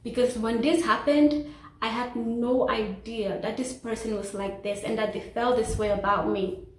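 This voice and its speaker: A woman's voice: a little high, fairly even intonation, moderate pace. Candid woman storyteller, echoey and distant. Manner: candid, emphatic, faith-filled. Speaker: vlogger. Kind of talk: personal storytelling. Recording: roomy echo, distant mic.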